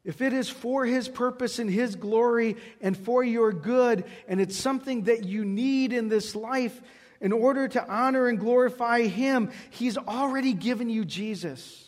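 A man's voice: extremely high pitch, unhurried. A man preaching a sermon, telling a story with acted-out dialogue before moving into scripture. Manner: animated storyteller acting out dialogue. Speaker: pastor. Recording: long hall reverb.

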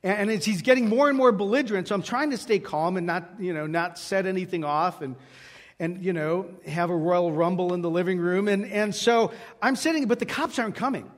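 A man with a high voice preaches in a sanctuary, and his words ring on in the long reverb of the hall. He tells stories animatedly and acts out each exchange before turning to scripture. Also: a little fast. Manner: animated storyteller acting out dialogue. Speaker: pastor. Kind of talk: sermon with storytelling.

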